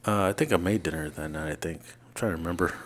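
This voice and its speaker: His voice sits low and he talks fast. As a podcast co-host, he rattles off long, profane anecdotes about his week in easygoing chat, mimicking people's lines and laughing through the animated telling.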